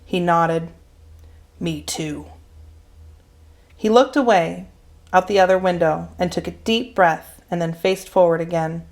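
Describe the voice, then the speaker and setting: A woman teacher reading a children's novel aloud in a calm, measured narration. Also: on the low side. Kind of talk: storybook read-aloud.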